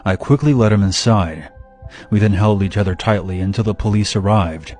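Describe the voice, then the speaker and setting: A man narrating a scripted first-person horror story in a steady, dramatic way. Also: on the low side, normal speed, faint music behind.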